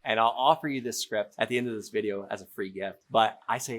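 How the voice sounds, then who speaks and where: A middle-aged man teaching real estate by acting out a phone negotiation as a lively story. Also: on the low side, fast. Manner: animated storytelling, playful role-play. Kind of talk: teaching through an acted-out example.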